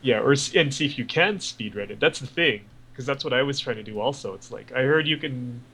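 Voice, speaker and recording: A man's voice: medium pitch, fairly quick, pushed and bright, slightly rough, rough recording. A man co-hosting a podcast, rambling casually about video games with lots of fillers and swearing. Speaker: podcast co-host. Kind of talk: casual gaming chat.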